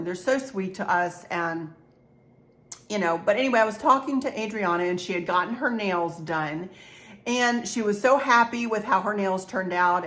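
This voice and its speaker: A middle-aged woman, chatting in a rambling, encouraging way as a home decor vlogger. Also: medium pitch. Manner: warm, rambling, encouraging, with many restarts. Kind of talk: chatty haul vlog.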